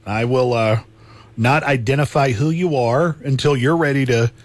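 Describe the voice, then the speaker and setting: A man's voice: medium pitch, normal speed. A man hosting a talk radio show, chatting casually, laughing easily and repeating himself.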